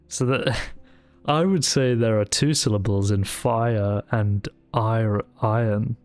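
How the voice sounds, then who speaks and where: A man's voice: fairly low pitch, takes it slowly, darkish tone, faint music behind. A man playing a tabletop game on stream, reading notices aloud and musing to himself with chuckling asides. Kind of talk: casual streamed role-play, reading aloud.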